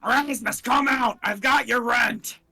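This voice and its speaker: Man putting on a shouting army blowhard, bright and punchy. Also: sits high, lively intonation, gravelly, heavily acted. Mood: bellowing. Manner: bellowing, slow and punchy. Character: loud blustering male soldier shouting for his roommate.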